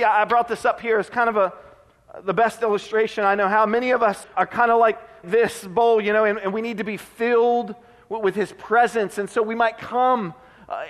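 Pastor, male, high-pitched, earnest conversational sermon delivery, reverberant sanctuary sound. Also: a bit bright. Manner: earnest, conversational preaching with restarts. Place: church sanctuary. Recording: long hall reverb.

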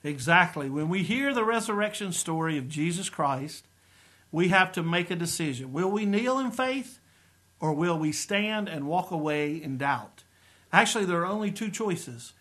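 A middle-aged man delivers a sermon in a fairly high voice. He is earnest and emphatic, and he draws out the phrases he wants to land. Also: expressive, a bit bright. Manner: earnest, emphatic preaching with slow stressed phrases. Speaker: preacher. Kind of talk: sermon-style teaching.

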